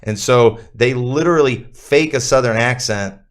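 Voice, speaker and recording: A man's voice: mid-range voice, moderate pace. Male co-host, mid-range voice, casual and blunt with many fillers. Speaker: church podcast co-host. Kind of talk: casual conversational discussion.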